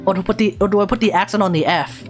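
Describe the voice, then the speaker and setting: A woman's voice: mid-range voice, very fast, faint music behind. An Australian woman live streaming, thinking aloud as she sounds out and repeats unfamiliar foreign words. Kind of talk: casual live-stream chat.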